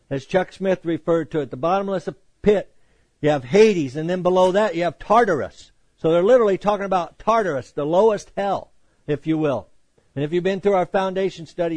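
Guy with a high voice doing a bible study, reads a verse then chats about it, dry close sound. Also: darkish tone, no room sound. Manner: reads scripture aloud then explains it conversationally, with joking asides. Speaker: Bible teacher.

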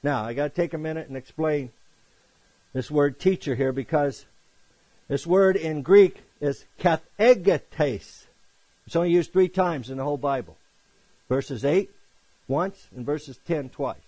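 A man with a fairly high voice preaching an animated sermon. He acts out quotations and drops from loud, emphatic lines to soft asides. The sound is dry and close. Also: unhurried, no echo, poor audio. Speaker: pastor.

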